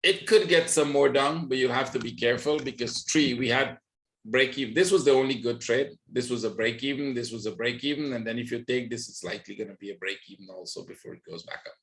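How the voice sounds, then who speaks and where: A man's voice: mid-range voice, quick pace, vocal fry, a bit bright. A man hosting a trading webinar, walking through charts on screen and checking in with listeners with frequent "right?". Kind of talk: live screen-share market analysis.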